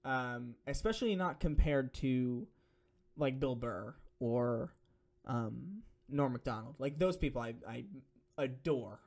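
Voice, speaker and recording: A man's voice: mid-range voice, expressive, takes it slowly, a little mellow. A young man streaming, reading donation messages and answering viewer questions in a rambling, profane, filler-heavy way. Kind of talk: casual live-stream Q&A.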